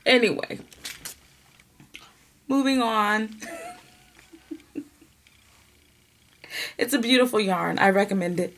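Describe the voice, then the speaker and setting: A woman's voice: a little high, drawn-out words, long pauses. A woman hosting a knitting podcast, chatting casually to camera with lots of laughter. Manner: chatty, animated, laughs often. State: emotional, near tears at times.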